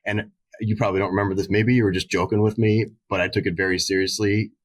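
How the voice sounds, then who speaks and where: A man's voice: on the low side, level tone, quick pace. A man, a volleyball head coach, telling stories in casual conversation, using many "you know"s and acting out quoted voices.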